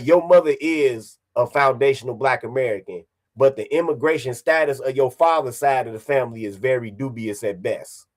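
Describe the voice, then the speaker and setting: Profane, confrontational male streamer. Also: mid-range voice. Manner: profane, confrontational, repeats himself. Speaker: online streamer and commentator. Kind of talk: casual ranting livestream.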